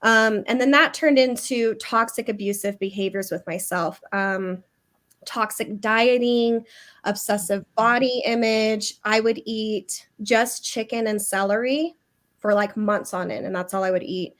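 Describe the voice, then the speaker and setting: A woman in her thirties speaks as a guest over a video call, with a voice of middling pitch. She talks in a loose, chatty way, full of fillers and restarts, as she tells a personal story. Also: unhurried, fairly bright tone. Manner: chatty, many fillers and restarts, mimics others in quotes.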